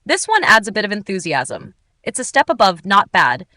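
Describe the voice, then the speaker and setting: A woman teaching English in an upbeat, clearly articulated, scripted narration. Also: medium pitch, wildly swooping pitch, normal speed, pushed and bright, dry recording.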